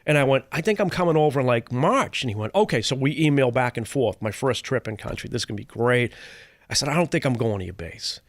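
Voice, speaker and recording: A man's voice: mid-range voice, animated, quick pace, no echo. A man, a comedian, telling stories casually and acting out other people's lines in shifting voices. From Cambridge, Massachusetts. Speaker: comedian guest. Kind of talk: casual storytelling.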